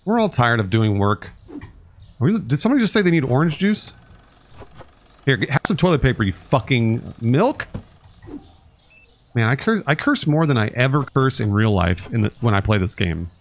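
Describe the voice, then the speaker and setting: A man's voice: medium pitch, sing-song, moderate pace, pauses often, a little hiss or hum. A man casually commenting on a live-stream of a store game, grumbling sarcastically, swearing often and talking to his chat and to the customers. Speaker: streamer playing a store sim.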